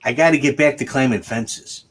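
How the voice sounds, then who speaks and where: A man co-hosting a casual comedy chat show, rambling in a deadpan way. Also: medium pitch, normal speed, a little hiss or hum. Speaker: co-host.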